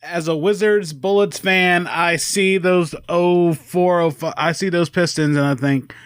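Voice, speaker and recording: A man's voice: sits high, fairly even intonation, measured pace, few pauses, smooth, dry recording, clean studio sound. A man hosting a podcast, talking casually with reflective asides. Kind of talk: casual chat.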